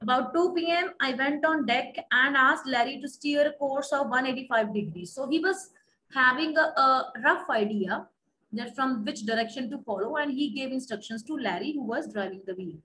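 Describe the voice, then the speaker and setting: A woman teacher with an Indian English accent and a high voice reads a story passage aloud, then stops to retell it simply for her students. A faint hiss sits under her voice. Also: a bit bright, low-quality recording. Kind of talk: reading and explaining a story to a class.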